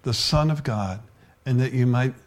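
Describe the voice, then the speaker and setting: A man preaching a sermon, building from low, even talk to loud fervor and at times dropping to a whisper. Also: normal speed.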